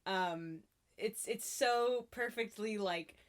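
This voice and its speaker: A woman's voice: mid-range voice, slow. A young woman co-hosting a casual recap podcast, bubbly and laughing often as she acts out quotes. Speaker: podcast co-host.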